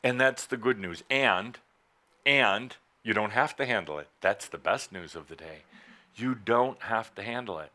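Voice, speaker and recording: Bright, forceful man teaching playfully. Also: lowish voice. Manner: playful, teasing, swings between loud bursts and soft slow asides. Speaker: spiritual teacher. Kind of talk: live motivational talk to an audience.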